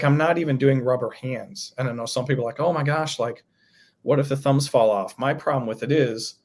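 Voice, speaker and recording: Podcast guest, male, husky gravel in the voice, rambles eagerly. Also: mid-range voice. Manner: enthusiastic, rambling explanations. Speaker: toy designer guest. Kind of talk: casual podcast chat.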